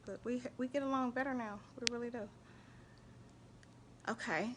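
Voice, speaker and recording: A woman hosting a casual faith and relationship live stream, chatting animatedly and shouting out viewers by name. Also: a little high, fairly even intonation, moderate pace, noisy background.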